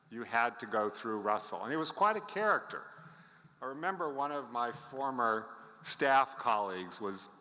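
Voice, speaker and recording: A man's voice: mid-range voice, bright, forceful tone. A man in his seventies giving a conference talk, telling anecdotes with wry asides to the audience. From United States. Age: 70s. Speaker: conference speaker. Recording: long reverb of a large hall.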